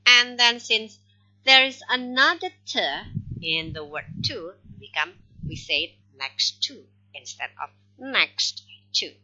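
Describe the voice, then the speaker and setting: A woman lecturing on phonology at an unhurried pace, her voice very bright and lively in pitch. She talks things through step by step and keeps asking "okay?" to check that listeners follow. The sound is dull and lo-fi. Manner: slow explanatory, frequent "okay" check-ins. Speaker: phonology teacher. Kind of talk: recorded lecture. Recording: dull lo-fi recording.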